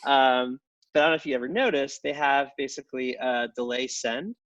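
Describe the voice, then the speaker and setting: A middle-aged man speaks at an average pitch in a relaxed, halting way, circling back and restarting his sentences. His voice comes through a dull, slightly lo-fi line. The sound is dry, with no room around it. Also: no echo. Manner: halting, many restarts and fillers, chuckles often. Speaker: guest, tech company CEO. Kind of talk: casual interview talk.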